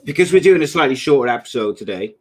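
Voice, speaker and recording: A man's voice: mid-range voice, animated, fast, husky. A man in his thirties co-hosting a casual podcast chat, joking and often laughing at his own gags. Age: 30s. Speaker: podcast co-host.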